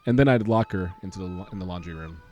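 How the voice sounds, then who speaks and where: A man's voice: deep voice, quick pace, dull audio. A young man casually commenting while playing a game, rambling and joking through a long story. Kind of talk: casual let's-play commentary.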